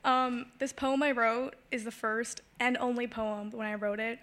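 A woman's voice: a little high, fairly even intonation, normal speed, a bit bright. A woman reading her own poem aloud at a live reading, casual and offhand. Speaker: poet at a reading.

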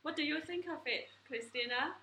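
Guest, female, Mandarin native speaker, high bright voice, unhurried, laughs easily. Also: a little hiss or hum. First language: Mandarin Chinese. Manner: cheerful, laughs often, explains simply. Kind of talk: casual group chat. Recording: echoey room with faint ambience.

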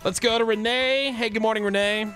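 A man hosting a morning radio show, reading out jokes and greeting callers in lively banter. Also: high voice, fairly quick, music in the background. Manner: upbeat, reads out jokes and takes callers.

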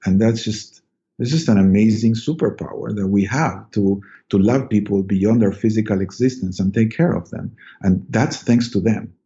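A middle-aged man appears as a podcast guest, telling a personal story in casual talk. He halts, repeats words and says um a lot, in a fairly low, dark voice on a lo-fi recording.

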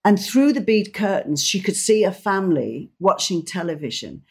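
A middle-aged woman co-hosting a relaxed podcast chat. She tells lively stories, slipping into the voices of the people in them. Her voice sits at an ordinary pitch for a woman. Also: normal speed, husky. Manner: animated storyteller, acts out voices. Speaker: podcast co-host, decorator. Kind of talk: casual chat, storytelling.

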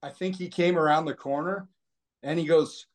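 Man, podcast guest, rambling, animated, casual storytelling, filler words, a bit high-pitched. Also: moderate pace, crowd noise.

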